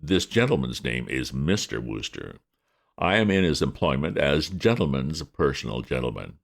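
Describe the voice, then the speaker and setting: Stately valet, very deep and soft, measured and formal as the reader puts him on. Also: male voice, sing-song, vocal fry, full character voice. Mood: composed. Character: calm dignified male valet, middle-aged.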